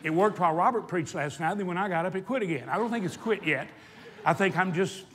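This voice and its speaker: A male preacher with a high voice delivers an impassioned sermon. He tells stories, drawing out key words slowly for emphasis. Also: fairly bright tone. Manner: impassioned storytelling, slowing for emphasis. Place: hot indoor meeting hall.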